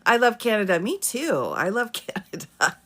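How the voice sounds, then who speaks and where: A woman's voice: mid-range voice, sing-song, normal speed, fairly bright tone. A woman attorney hosting a live question-and-answer stream, chatting casually, greeting viewers by name and laughing often. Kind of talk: casual live-stream chat reading comments. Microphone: phone or webcam for a live stream.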